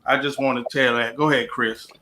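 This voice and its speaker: Bright-voiced man hosting a panel. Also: medium pitch, steady tone. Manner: measured, directs the discussion. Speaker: podcast host. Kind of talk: panel discussion moderating.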